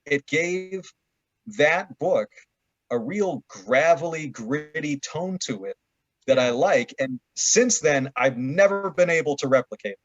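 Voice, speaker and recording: A man's voice: a little high, expressive, a little slow, no echo. Easygoing man telling a story on a dry call. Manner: easygoing storyteller, some stammered restarts. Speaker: audiobook narrator, guest. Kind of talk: casual interview chat. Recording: dry, dull lo-fi call audio.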